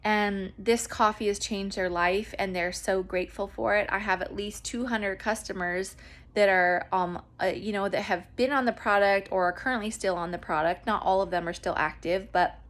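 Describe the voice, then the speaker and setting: An earnest woman talks to her camera at home, chatty and full of fillers and restarts. Her pitch climbs high and lively when she gets emotional about her home business. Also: moderate pace. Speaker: network marketing distributor. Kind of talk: casual talk to camera. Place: at home with children nearby.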